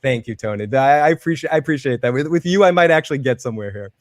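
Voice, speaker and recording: A man's voice: mid-range voice, rapid-fire, no room sound. Joking man hosting a live show, dry sound. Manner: joking, animated, quotes characters in put-on voices. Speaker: host. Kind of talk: casual live show chat. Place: warm room at home.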